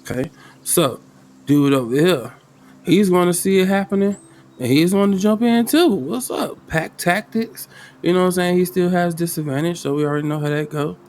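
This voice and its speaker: A man's voice: high-pitched, normal speed, darkish tone, slight background noise. Slangy laid-back man narrating a solo game. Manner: loose, slangy, thinking aloud with laughs. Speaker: game master playing solo. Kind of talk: casual tabletop game narration.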